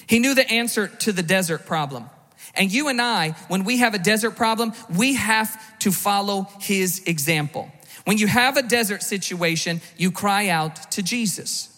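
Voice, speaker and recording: A man's voice: sits high, normal speed, bright, forceful tone, long reverb tail. A man preaching a sermon as pastor, conversational, with rhetorical questions and frequent restarts. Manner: repeats words when restarting.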